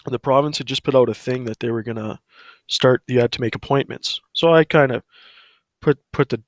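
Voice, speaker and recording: A man's voice: medium pitch, fairly even intonation, fairly quick, no room sound. Brief: man, crude no-filter ranter, plain mid voice, dry. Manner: profane, blunt ranting. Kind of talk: casual storytelling on a livestream.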